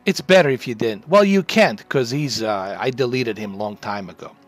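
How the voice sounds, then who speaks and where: A man's voice: medium pitch, normal speed, soft background music. A man chatting on a livestream in a boastful, rambling, profane way.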